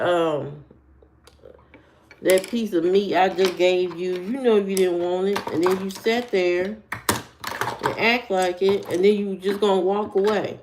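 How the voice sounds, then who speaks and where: An American woman streams casual chat, answering her viewers directly in a sassy, joking, slangy manner with frequent fillers. Her mid-range voice is steady and a little mellow, at a measured pace, with a slight hiss or hum in the audio.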